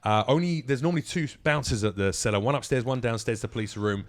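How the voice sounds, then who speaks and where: A man's voice: mid-range voice, fast. A man, a guest comedian telling a story on a podcast in a casual, self-mocking way with lots of swearing.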